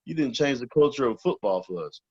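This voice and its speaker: A man's voice: mid-range voice, expressive, brisk, husky, no room sound. A man on a casual sports talk show, speaking bluntly with lots of swearing. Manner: blunt, profane, heated. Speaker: co-host. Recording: dull, dry sound.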